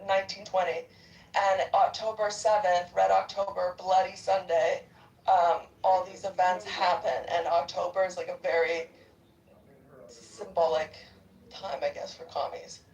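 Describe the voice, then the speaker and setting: A woman in casual group chat, talking in a blunt, crude and animated way. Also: lowish voice, measured pace, highs cut off. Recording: roomy, distant mic.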